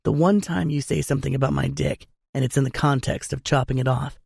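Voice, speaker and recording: A woman's voice: extremely low pitch, steady tone, brisk, gravelly, a little mellow, breathy edge, no room sound, clean studio sound, voice pushed down, exaggerated voice. A woman doing a brooding, teasing young man.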